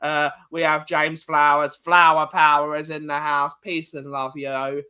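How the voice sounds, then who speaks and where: A man's voice: a little high, level tone, measured pace, bright, forceful tone, clean tone. A young man hosting a casual football chat show, greeting viewers one by one by name with friendly banter. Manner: reads out viewer names with running banter. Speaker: host.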